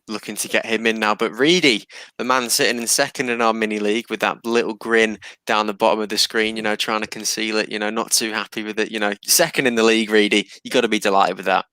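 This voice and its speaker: A man's voice: fairly low pitch, level tone, quick pace, sharp tone, dry recording. A man hosting a casual fantasy football podcast panel, bantering and teasing his co-hosts. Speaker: podcast host.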